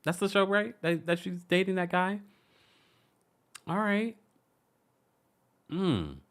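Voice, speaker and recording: A woman hosting a live-stream celebrity gossip recap, hoarse, chatty and laughing often, stopping and restarting her sentences. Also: lowish voice, takes it slowly. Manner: animated, laughing, self-interrupting.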